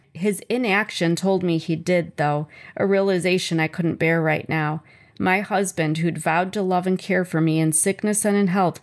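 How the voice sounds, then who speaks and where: A woman reading a chapter of her own memoir aloud in a measured, earnest first-person voice. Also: fairly low pitch.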